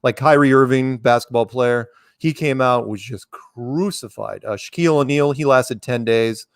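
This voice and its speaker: A middle-aged American man with a mid-range voice talks at a moderate pace as an interview guest, telling stories casually. He rambles and keeps restarting his words. The recording is dry and clean, with a studio sound.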